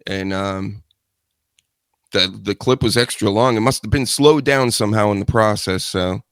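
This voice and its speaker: A man riffs solo on his show, rambling from one joke to the next with crude asides. His voice sits a little low, and the studio mic sounds close and dry with no room echo. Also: normal speed, a bit bright. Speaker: show host. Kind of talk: solo radio-style chat show.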